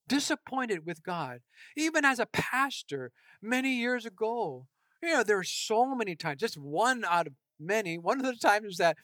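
Bright, dry-voiced earnest pastor preaching. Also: medium pitch, no room sound. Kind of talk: sermon.

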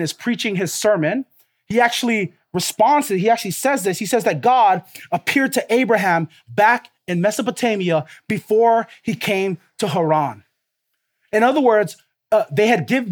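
A man preaching a sermon as a pastor, emphatic and full of rhetorical questions. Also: high-pitched.

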